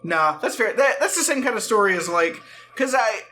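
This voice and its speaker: A man in a casual let's play chat, with a bright, pointed tone and a voice set a bit high. He rambles and corrects himself mid-thought and slips in dry jokes. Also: expressive, moderate pace, slight background noise.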